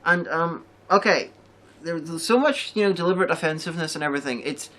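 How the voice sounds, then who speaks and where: A woman's voice: lowish voice, a little fast, a bit bright. A woman hosting a review show, chatting casually and enthusiastically, rambling and swearing freely. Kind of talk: casual chat.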